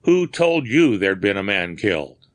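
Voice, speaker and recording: A man's voice: on the low side, sing-song, unhurried, no room sound. A man voicing a puzzled detective who questions sharply. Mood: probing. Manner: questioning, incredulous.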